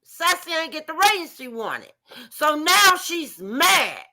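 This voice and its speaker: A woman's voice: very high voice, very animated, slow pace, sharp tone. A woman arguing passionately and profanely in a heated live stream debate, calling in remotely.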